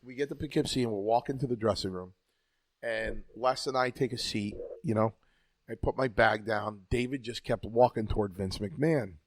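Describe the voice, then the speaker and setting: A man's voice: on the low side, moderate pace, no echo. A man, a former wrestler and podcast co-host, telling a long story in a rambling, profane way with stumbling restarts. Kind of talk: casual storytelling banter.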